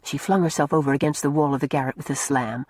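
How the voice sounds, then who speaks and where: A woman's voice: fast, slightly rough, no room sound, studio quality. A woman narrating a classic novel as an audiobook, telling the story expressively. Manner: expressive storytelling with varied pitch.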